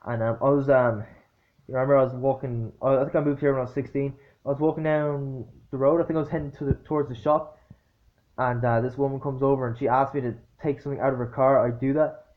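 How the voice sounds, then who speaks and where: A man's voice: mid-range voice, fairly even intonation, fast talker. A man vlogging, telling a story in a casual, rambling way with lots of fillers and restarts, blunt and exasperated. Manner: blunt, swearing, exasperated retelling. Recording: dull lo-fi recording.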